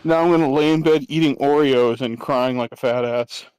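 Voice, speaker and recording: A man's voice: medium pitch, normal speed, a little mellow, smooth, poor audio. A man in a late-night voice chat with friends, teasing, drowsy and self-mocking. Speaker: gaming friend.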